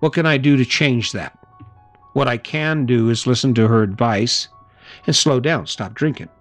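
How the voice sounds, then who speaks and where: A man's voice: medium pitch, moderate pace. Podcast host, man, middle-aged, mid-range voice, chatty motivational monologue, faint music behind. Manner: casual, chatty, laughs and acts out little scenes.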